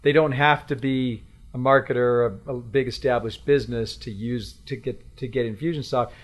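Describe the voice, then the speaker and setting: A man sits as a guest on a business talk show and speaks about his company. His voice is of medium pitch. He sounds earnest and measured. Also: fairly even intonation. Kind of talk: business interview.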